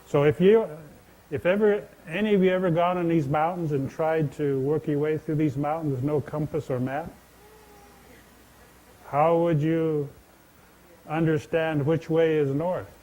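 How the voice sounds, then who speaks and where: Folksy male storyteller with a mellow voice. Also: on the high side, fairly even intonation, a little slow, low-quality recording. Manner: folksy, conversational, addresses listeners directly. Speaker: storyteller and speaker. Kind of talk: telling traditional legends to an audience. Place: stage in a large indoor venue.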